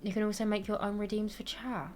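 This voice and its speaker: Speaking fast in a steady, slightly mellow mid-range voice, a young woman streams and games while chatting casually, with faint music behind her. She reads her chat aloud, wanders from topic to topic, and keeps laughing at her own expense.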